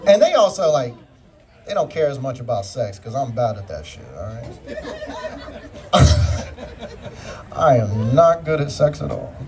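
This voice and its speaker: A man's voice: medium pitch, sing-song, unhurried, long pauses, far from the mic, a crowd in the background. A man doing a stand-up comedy set with crude, confessional punchlines.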